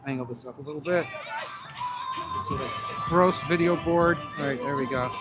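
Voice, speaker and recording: A man live streaming outdoors in a busy plaza, calling out to passers-by in a loud, projecting voice. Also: a little high, moderate pace. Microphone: handheld phone mic. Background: music from outdoor speakers.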